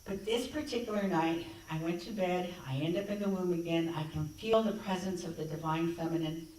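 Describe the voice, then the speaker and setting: A woman's voice: fairly low pitch, a little fast, a little mellow, a little hiss or hum. Woman telling her story in an echoey hall. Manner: conversational, reenacts dialogue. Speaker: guest speaker. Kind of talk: personal storytelling talk. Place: church sanctuary. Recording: echoey hall, distant mic.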